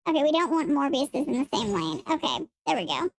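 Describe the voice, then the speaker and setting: A woman's voice: high-pitched, very animated, fairly quick, gravelly. Woman streaming through a voice changer filter. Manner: chatty, thinks out loud, talks to chat. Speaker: game streamer. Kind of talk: casual live-stream chat while playing.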